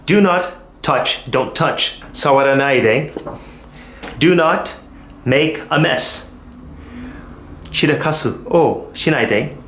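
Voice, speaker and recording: Slow, deliberate man teaching in an echoey room. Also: on the high side, fairly bright tone, far from the mic, a little hiss or hum. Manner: slow, deliberate drilling of phrases. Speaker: English teacher. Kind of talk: classroom lesson demonstration.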